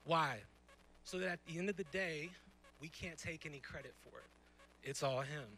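A man's voice: on the high side, moderate pace, bright, forceful tone, rough recording. A young man in his twenties preaching a sermon on a church stage, emphatic and conversational, full of rhetorical questions. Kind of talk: youth sermon.

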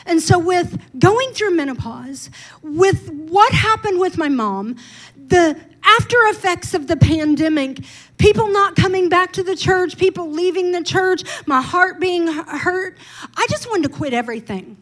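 A woman's voice: extremely high pitch, lively intonation, a little slow, low-quality recording. A middle-aged woman pastor giving a candid, personal sermon testimony with emphatic build-ups.

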